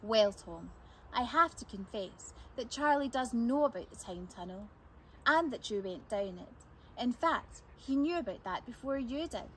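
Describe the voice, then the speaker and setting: A kindly, frail old lady from a storybook, fussing softly over the children, as a woman reads her lines. She speaks gently with a slightly high voice, full of tender endearments. The reading has a faint hiss behind it. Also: animated, a little slow, rough recording. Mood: gentle. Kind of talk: storybook read-aloud.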